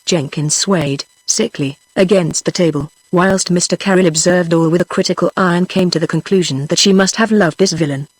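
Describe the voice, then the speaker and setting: A text-to-speech voice of a woman with a British English accent, narrating a historical novel in an even, steady way. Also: on the low side, normal speed, hardly any pauses, no room sound, poor audio. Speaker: audiobook narrator. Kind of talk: synthetic audiobook narration.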